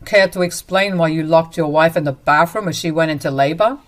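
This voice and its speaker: A woman voicing a stern, protective off-duty cop. He speaks firmly and accusingly, in a lowish voice. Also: a little fast, close to an everyday voice. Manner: firm, confrontational, accusing.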